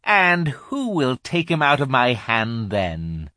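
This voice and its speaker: A man reading a storybook aloud, voicing a cruel female witch who taunts her victim slowly and shrilly. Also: wildly swooping pitch, no echo, studio quality, full character voice. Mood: gloating. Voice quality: shrill, high, forceful. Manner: slow taunting stresses, rising to shrieks.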